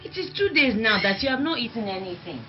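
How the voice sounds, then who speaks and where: A long-suffering Nigerian wife, pleading and soothing, yet firm when she defends herself. Her voice is fairly high and very animated. It is a dull lo-fi film recording with music under it. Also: fast talker. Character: patient, long-suffering wife caring for a sick husband. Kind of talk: film drama acting.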